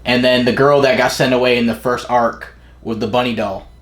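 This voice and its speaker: In a roomy-sounding recording, a young streamer with a steady, mid-range voice reads manga panels aloud using quick put-on voices. His live reaction is casual and occasionally profane, and he keeps forgetting names.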